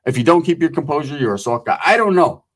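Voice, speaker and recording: A man's voice: a little high, lively intonation, quick pace. A man telling prison stories in casual, profane street talk, acting out the voices of the people in them. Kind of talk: casual storytelling.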